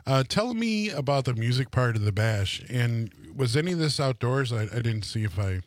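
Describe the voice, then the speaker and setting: Radio host dude, laid back chatty questions, dry studio mic. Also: male voice, medium pitch, moderate pace, no echo. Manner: relaxed, chatty questions with fillers. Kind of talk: casual radio interview.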